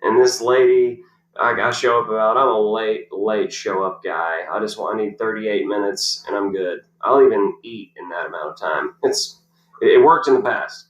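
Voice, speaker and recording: A man's voice: fairly low pitch, moderate pace, a bit bright, lo-fi sound. A man, a professional golfer on a podcast as the guest, telling long casual stories with lots of fillers and restarts. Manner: rambling anecdotes with many fillers and restarts. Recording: roomy echo.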